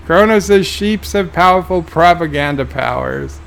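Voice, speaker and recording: Gravelly man reading chat aloud. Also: a little high, lively intonation, moderate pace, a bit bright. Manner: reads viewer comments aloud, dry asides. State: tired, yawning. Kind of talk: casual live-stream commentary.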